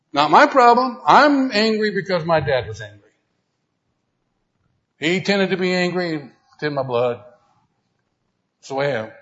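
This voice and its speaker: Emphatic preacher, lo-fi recording. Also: male voice, a little high. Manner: emphatic, rising to loud repeated exhortation; asks the audience questions directly. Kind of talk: Bible lesson. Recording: dull lo-fi recording.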